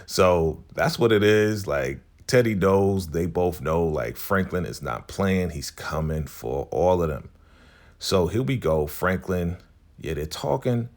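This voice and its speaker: A man's voice: low-pitched, animated, takes it slowly, a little mellow. A man hosting a casual recap of a TV episode, retelling the scenes in laid-back slang and briefly acting out what the characters say. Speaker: TV show recap host.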